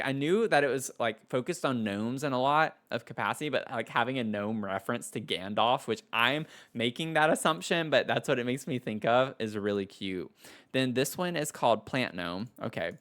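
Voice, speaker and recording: A man's voice: medium pitch, a bit bright. A man giving a casual voice-over review of game items, gushing and chatty, with frequent gasps and repeated words. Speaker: game content creator.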